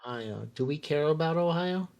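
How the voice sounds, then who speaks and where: Teasing deadpan woman co-host. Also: low voice, normal speed, dull audio. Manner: teasing, interrupts with deadpan jokes. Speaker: podcast co-host. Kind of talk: casual chat.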